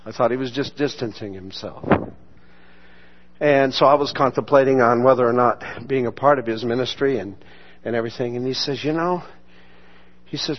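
In a muffled, lo-fi sermon recording, a male pastor shares a personal testimony at an ordinary speed and medium pitch. He laughs often and acts out the voices of the people he quotes.

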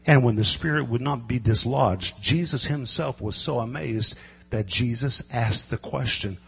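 A man preaching a sermon, building to loud emphatic cries and drawing out words for weight. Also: mid-range voice, measured pace, gravelly, slightly rough. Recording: lo-fi echoing hall with mains hum.

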